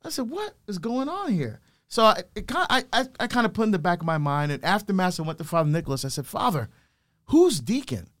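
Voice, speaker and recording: A man's voice: high-pitched, rapid-fire, hardly any pauses. A middle-aged man telling his life story animatedly as a guest, acting out voices of people he quotes. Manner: lively, acts out quoted voices. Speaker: deacon and guest speaker.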